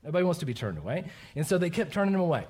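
A man's voice: a little high, rapid-fire, slightly rough. A man giving a children's sermon at church, asking the kids questions and checking in with "right?" after his points. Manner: animated, asks kids questions, tags lines with "right?". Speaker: pastor giving a children's message.

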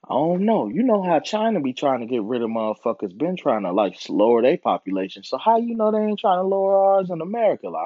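Man in his twenties, solo rant host, swears heavily, lively pitch swings, a bit high, recorded dry and lo-fi. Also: fast talker, hardly any pauses, no echo. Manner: profane, animated ranting with mocking put-on voices. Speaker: podcast host. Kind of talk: casual monologue. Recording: dull lo-fi sound, dry.

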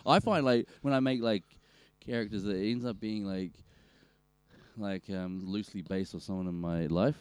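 A man's voice: on the low side, fairly quick, hardly any pauses, clear, resonant tone, no echo. A man with a New Zealand accent on a podcast, chatting casually in a rambling, sweary way. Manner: rambling, sweary, trails off and restarts. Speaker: podcast co-host. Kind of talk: casual chat.

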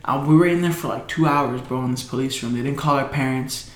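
A man's voice: mid-range voice, fast. Young man telling a slangy story, echoey room. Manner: loose storytelling, heavy slang and swearing, many fillers. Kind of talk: casual chat.

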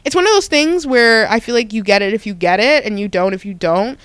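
A young woman hosting a podcast, telling a personal story in a casual, animated way with frequent restarts and self-corrections. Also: a little high, brisk, clean tone, no room sound. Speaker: podcast host.

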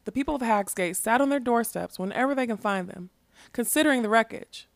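A woman narrating a fantasy story in a steady, expressive reading. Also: fairly high pitch, brisk, gravelly, no room sound, clean studio sound.

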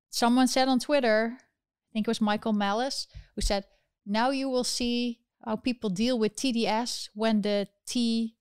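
A woman's voice: fairly high pitch, clear, resonant tone, no room sound. A woman hosting a political commentary livestream. She talks with passion, keeps firing rhetorical questions and reads out comments from viewers. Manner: impassioned, fires rhetorical questions. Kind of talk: livestream commentary reading chat.

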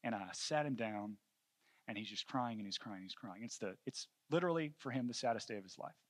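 A man in his thirties preaching a sermon, earnest, moving between hushed storytelling and fervent calls. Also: on the low side, lively intonation, brisk, dry recording. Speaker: pastor.

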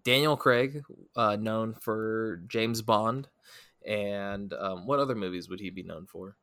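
Relaxed, halting male movie reviewer. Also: fairly low pitch, clear, resonant tone, dry recording. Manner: relaxed, halting with many fillers. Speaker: podcast co-host. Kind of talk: casual movie review chat.

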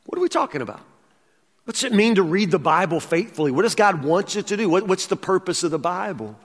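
Male pastor, very high voice, wry conversational sermon, long hall reverb. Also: expressive, fairly quick.

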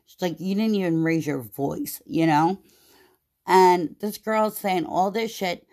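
A woman podcast host venting about her job in a casual, profane, animated way, with many "like"s. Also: lowish voice, slow pace. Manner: profane, animated storytelling with lots of "like".

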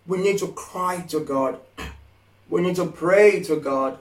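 Slow, echoey preacher with a high voice. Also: male voice. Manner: rising to impassioned shouted pleas; slow, emphatic, repeats phrases. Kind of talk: sermon. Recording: echoey room from far off.

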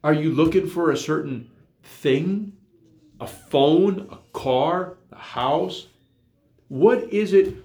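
A man's voice: a little high, takes it slowly, mellow. A man preaching a sermon in an earnest, repetitive way, full of rhetorical questions, recorded in an echoey room.

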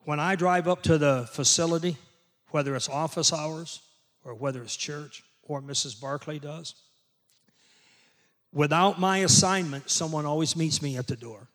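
An older man, a pastor, preaching a sermon in an emphatic way that builds to loud peaks. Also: fairly high pitch, moderate pace.

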